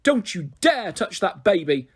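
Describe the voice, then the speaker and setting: A man's voice: sits high, sing-song, measured pace, breathy edge, heavily acted. A man reading a storybook, voicing a harsh, suspicious nursemaid who scolds a child. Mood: scolding. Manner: sharp and scolding.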